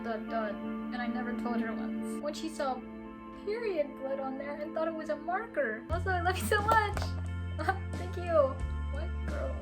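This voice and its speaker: A young woman chats through confessions in a high, bright-toned voice, laughing often and reacting with big dramatic swings. Loud music plays behind her the whole time. It is a casual vlog delivery. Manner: animated, giggly, dramatic reactions. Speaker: vlogger reading confessions. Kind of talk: casual chat.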